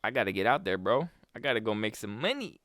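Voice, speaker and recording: A man co-hosting a podcast, talking in a relaxed, slangy way and calling his friend "bro". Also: fairly low pitch, quick pace, dry recording, studio quality. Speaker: podcast co-host. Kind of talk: casual podcast chat.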